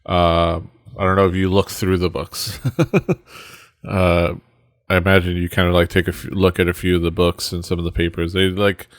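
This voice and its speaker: A fairly low-pitched man narrates as game master, stumbling through his descriptions with fillers and restarts. The sound is close and dry, with no room echo. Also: monotone, moderate pace, clear, resonant tone. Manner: hesitant, many fillers and restarts.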